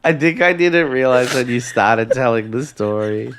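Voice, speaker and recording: A man's voice: mid-range voice, expressive, normal speed, a bit bright, a little hiss or hum. A man co-hosting a podcast, chiming in with playful, wry jokes in casual chat. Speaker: podcast co-host.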